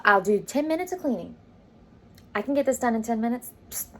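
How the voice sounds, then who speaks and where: A woman's voice: a little high, animated, brisk. A young woman, chatting casually in a vlog from her car and room, tired and laughing often, with lots of fillers. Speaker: vlogger. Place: in her car, then at home.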